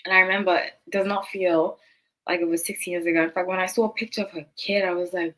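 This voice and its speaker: A woman's voice: fairly low pitch, steady tone, fast talker, fairly bright tone, rough recording. A woman hosting a tarot channel, telling a personal story to camera in a casual, rambling way, full of asides and self-corrections. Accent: non-local accent noticed by others.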